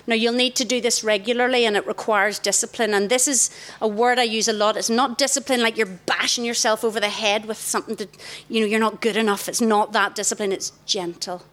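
A middle-aged woman, giving a lively, direct sermon to a tent of girls. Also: fairly high pitch, fairly quick. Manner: lively, direct, warmly emphatic. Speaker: youth speaker. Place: large tent.

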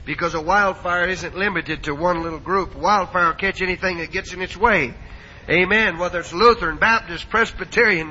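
A man's voice: high-pitched, normal speed, bright, forceful tone, husky. A middle-aged man preaching a fiery sermon, emphatic, asking his congregation for amens. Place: church hall. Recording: dull 1970s church tape in a hall.

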